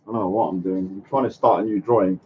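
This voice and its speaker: A man chatting casually on a live stream, rambling and halting with many fillers and greeting viewers by name. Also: lowish voice, steady tone, breathy edge. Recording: muffled lo-fi stream audio.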